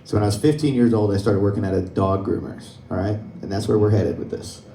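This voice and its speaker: Telling stories conversationally and laughing at his own jokes, a young man performs stand-up on a club stage. His fairly low voice is steady and fast. The background is noisy, and the mic sits at a distance in the roomy club.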